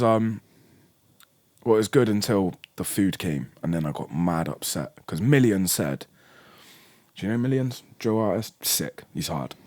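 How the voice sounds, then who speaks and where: A young man, co-hosting a podcast in casual chat and telling stories with lots of slang and swearing. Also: sits low. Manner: animated storytelling with slang, swearing and acted-out voices. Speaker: podcast co-host.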